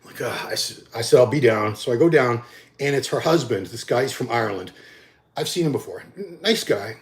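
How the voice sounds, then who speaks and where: A middle-aged man tells his viewers a story plainly and bluntly, with a voice of ordinary pitch for a man. He gets animated when he acts out what people said, then settles back into easy talk. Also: a little fast. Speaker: bodybuilding channel host.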